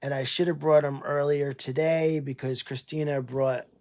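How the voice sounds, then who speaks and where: A man who runs an animal sanctuary, talking casually on a livestream, tired and unwell, halting with many fillers and restarts. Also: fairly high pitch, level tone, darkish tone.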